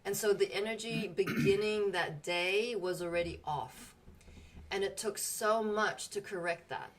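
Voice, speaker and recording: A woman's voice: medium pitch, a little slow, distant mic, slight background noise. A woman in casual spiritual group chat, telling emotional stories animatedly and swearing freely.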